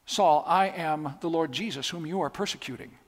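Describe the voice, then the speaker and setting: A man voicing Jesus as a calm, tender adult man who speaks slowly and softly. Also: on the high side, voice pushed down, natural voice. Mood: tender, solemn. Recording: long hall reverb.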